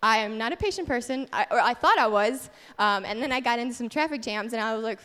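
A woman with a fairly high voice teaches a casual sermon in a candid, self-deprecating way. Her words ring with a long hall reverb, as in a church sanctuary. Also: moderate pace, a bit bright.

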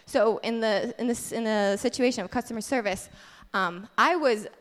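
A woman with a fairly high voice teaches a casual sermon in a candid, self-deprecating way. Her words ring with a long hall reverb, as in a church sanctuary. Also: moderate pace.

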